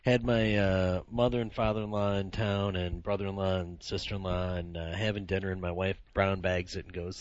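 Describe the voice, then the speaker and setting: A man hosting a casual wine podcast, an animated storyteller who laughs often. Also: low voice, brisk, hardly any pauses. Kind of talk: casual chat. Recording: dull lo-fi sound, dry room.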